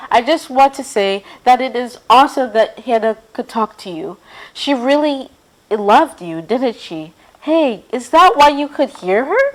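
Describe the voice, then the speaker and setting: A woman's voice: a little high, poor audio. A woman voicing an eager, wide-eyed young girl in a storybook reading. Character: curious excitable young girl.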